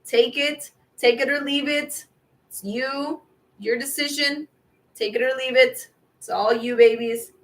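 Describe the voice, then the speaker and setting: A woman's voice: high-pitched, steady tone, unhurried. A woman tarot reader giving a casual spiritual pep talk, repeating affirmations and calling her viewers babies, with watery eyes. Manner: chatty and repetitive, calls viewers babies. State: watery eyes from air purifier.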